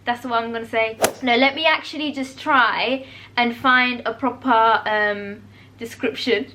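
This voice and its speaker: High-voiced chatty woman. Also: unhurried, noisy background. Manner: animated, blunt and chatty. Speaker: vlogger reviewing films. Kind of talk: casual chat.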